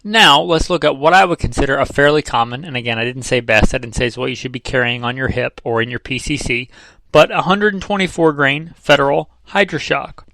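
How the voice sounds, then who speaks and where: Trainer guy talking shop, gravelly voice, dry close sound, repeats his numbers, bit sarcastic. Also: mid-range voice, a little fast, sharp tone, dry recording, rough recording. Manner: conversational, repeats figures, dry sarcastic asides. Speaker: firearms trainer. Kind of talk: casual instructional talk.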